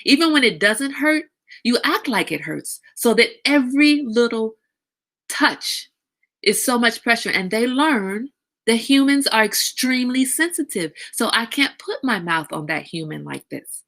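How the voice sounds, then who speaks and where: A middle-aged woman hosting a casual livestream talk, outspoken and animated, now and then slipping into a high sing-song voice. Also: a little slow. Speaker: host.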